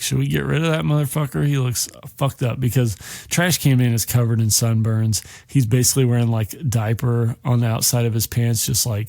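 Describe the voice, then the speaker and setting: Man, podcast host, casual movie recap, rambling, lots of swearing, mid-pitched voice, dry close sound. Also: dark tone, no room sound. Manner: rambling and heavily profane, acting out characters' lines.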